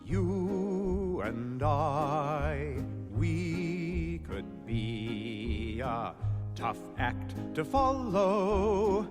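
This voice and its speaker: A man's voice: fairly high pitch, big pitch swings, very slow, exaggerated voice. An actor playing a bashful, smitten man in a stage musical, speaking shyly and then singing a jaunty showtune. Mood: wistful, smitten. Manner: tentative, wistful, then sings a jaunty showtune. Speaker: singer on a musical cast recording. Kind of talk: musical theatre singing and dialogue. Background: orchestral music.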